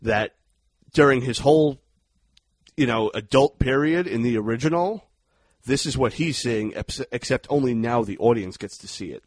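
A man co-hosting a podcast, chatting casually as he recaps a horror movie scene by scene, animated and quick to act out outbursts. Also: medium pitch, no room sound. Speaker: podcast co-host. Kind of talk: casual movie review chat.

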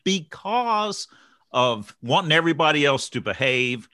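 A man talking in a relaxed group chat, reflective and earnest, laughing easily. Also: a little high, normal speed, no room sound. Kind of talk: casual group chat on recovery.

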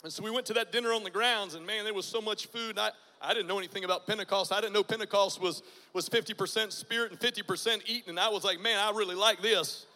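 Male preacher, 40s, high bright voice, dramatic testimony delivery, big hall reverb. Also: fairly even intonation, fast. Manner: dramatic, swings from hushed to loud bursts. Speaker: guest preacher. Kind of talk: testimony sermon.

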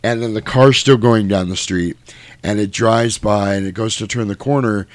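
A man's voice: fairly low pitch, normal speed, dry recording. A man casually recapping a film plot for his co-host, acting out the lines. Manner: animated retelling, acting out lines. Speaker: podcast co-host. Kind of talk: casual movie recap chat.

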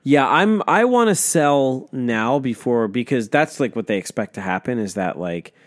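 A man's voice: mid-range voice, animated, normal speed. A young man co-hosting a podcast, chatting casually and bluntly, swearing often and cutting in. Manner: blunt, swears often, talks over the other speaker. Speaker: podcast co-host. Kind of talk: casual chat.

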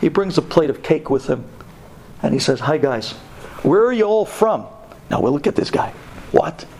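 A man from Brooklyn telling a religious story on the radio, swinging from hushed words to loud, half-sung ones. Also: medium pitch, normal speed, slight background noise. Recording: radio talk recording.

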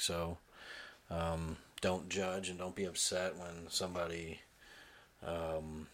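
A relaxed man in his thirties chats on a podcast in a slightly low voice. He talks easily, laughs often and fills his pauses with ums. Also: slight background noise. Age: 30s. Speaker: podcast host and father. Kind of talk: casual chat.

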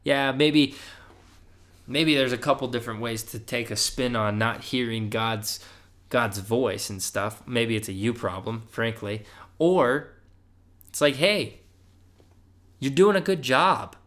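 A man's voice: medium pitch, unhurried, a bit bright. A young adult man giving a casual podcast sermon as a preacher, conversational and often asking "right?", rising with emphasis when he urges his listeners.

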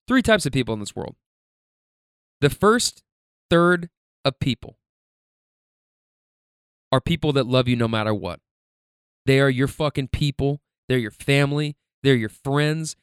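A man in his thirties speaks in a candid personal monologue, swearing freely and stumbling into repeated words when emphatic. His voice is smooth and resonant, at a middling pitch. It is recorded close up in a dry space. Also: no echo. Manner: emphatic, profane, halting repetitions.

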